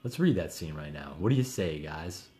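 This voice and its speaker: A man, an author, chatting casually on a live stream from home, rambling with lots of fillers and quick laughs. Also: extremely low pitch, animated, mellow, faint music behind. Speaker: author answering reader questions.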